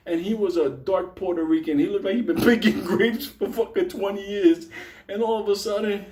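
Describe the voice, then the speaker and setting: A man's voice: high voice, normal speed. A man telling a wild personal story in a casual, rambling way, swearing constantly and breaking into laughter. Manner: profane, laughs often; animated, rambling.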